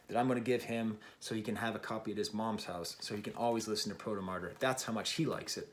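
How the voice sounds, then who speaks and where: Talking fast with few pauses, a middle-aged man with a fairly low voice runs his own music review show over a little hiss or hum. He's casual, unscripted, chatty and self-deprecating, frequently saying um and starting over.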